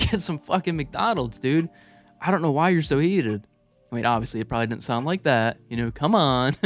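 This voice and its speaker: A man telling a personal story to his viewers in a casual, laid-back, profane way, with chuckling asides. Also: mid-range voice. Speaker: storytelling vlogger.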